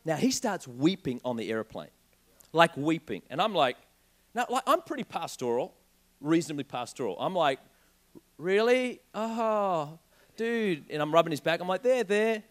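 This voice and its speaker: A young man preaching a sermon, telling a joking personal story in an animated way. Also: a little high, normal speed. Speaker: pastor.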